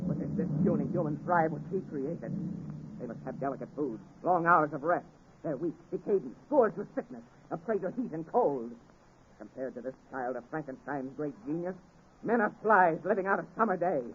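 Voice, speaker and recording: A man playing an obsessed, grandiose young scientist in a 1930s radio drama, with theatrical swings from hushed to exultant delivery. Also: fairly high pitch, lively intonation, moderate pace, natural voice. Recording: tinny old radio recording with hiss.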